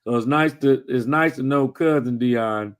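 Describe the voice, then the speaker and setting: A man hosting a live video chat, reading out viewer questions and greeting viewers by name in a halting, friendly way. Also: medium pitch, clean tone. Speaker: host. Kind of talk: casual livestream chat.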